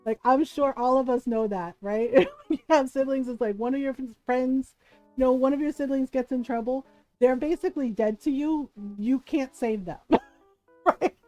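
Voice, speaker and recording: A woman's voice: high-pitched, normal speed, warm tone, no echo, soft background music, low-quality recording. A woman streamer telling a family story in casual chat while she plays a game. She laughs often and keeps saying "like" and "right?". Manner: chatty, laughs often, says "like" and "right?" a lot. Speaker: livestream host.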